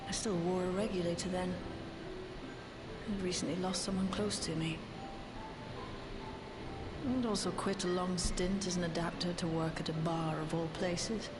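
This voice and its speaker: A woman's voice: lowish voice, fairly even intonation, moderate pace, pauses often, natural voice. An actress voicing a weary woman veteran who tells old stories in a dry, wistful way, with game music behind her. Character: weary woman veteran recalling lost comrades. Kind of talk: game voice acting.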